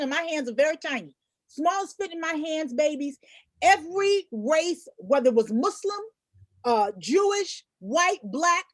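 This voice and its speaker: Animated high-voiced woman telling stories. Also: dry recording. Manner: animated storyteller, acts out voices in anecdotes. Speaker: panelist, children's book author and illustrator. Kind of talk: panel discussion.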